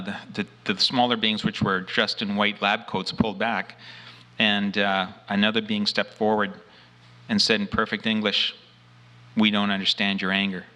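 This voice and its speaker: A man with a low-set voice and a bright, cutting edge to it tells his own story earnestly and with force. He leans into the key words and slips into the lines he spoke back then. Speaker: abduction experiencer. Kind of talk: first-person testimony.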